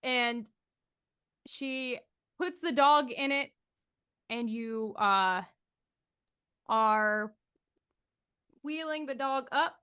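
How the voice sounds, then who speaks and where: A woman with a high voice runs a tabletop horror game as game master. She narrates scenes in a descriptive, suspenseful way. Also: very slow, pauses often, sharp tone, smooth.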